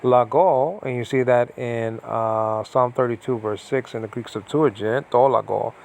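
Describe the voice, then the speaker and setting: A man's voice: medium pitch, a little slow, creaky, darkish tone, a little hiss or hum, poor audio. A man teaching Biblical Greek grammar from home in a casual, rambling way, full of fillers and asides. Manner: rambling, talks to himself, many fillers. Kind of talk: casual online lesson. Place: at home during a storm.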